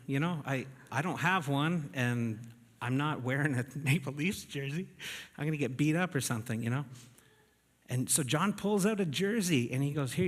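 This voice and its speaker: A man preaching a sermon from Canada, talking in a conversational, self-deprecating storytelling way with easy laughs. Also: medium pitch. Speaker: pastor. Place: church sanctuary. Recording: long reverb of a church hall.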